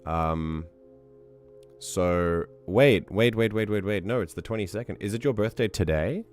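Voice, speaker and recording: A hoarse man who is losing his voice, hosting a casual livestream and teasing his chat in a playful, talkative way. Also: on the low side, a little slow, soft background music. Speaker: livestream host.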